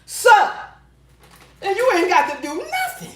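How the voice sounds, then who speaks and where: A woman's voice: sits high, animated, moderate pace, a bit bright. A middle-aged woman hosting a casual advice show, reading viewer comments and telling stories bluntly and profanely, often laughing. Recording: roomy echo.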